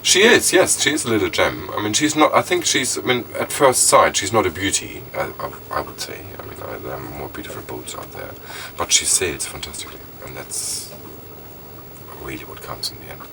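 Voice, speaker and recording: A boat owner chats on a small sailing boat outdoors, his voice sitting very low. He talks in a halting, casual way, often repeating words as he goes. Steady outdoor noise runs clearly behind him. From Germany. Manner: halting, repeats words while telling a story. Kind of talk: casual chat.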